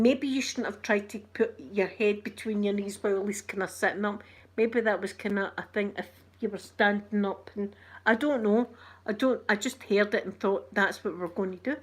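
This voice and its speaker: A Scottish woman in middle age talks casually to her livestream audience. Her voice sits a little on the high side. She tells her stories with animation, slipping into the voices of the people in them. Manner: animated storyteller, acts out what people said. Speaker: channel host.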